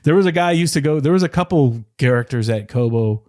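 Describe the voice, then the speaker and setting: Middle-aged male podcast guest from the Detroit area, loose anecdotal delivery with playful impressions, mid-pitched voice, dry studio sound. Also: animated, fast talker, a little mellow, no echo. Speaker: podcast guest, former wrestling writer. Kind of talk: casual interview storytelling.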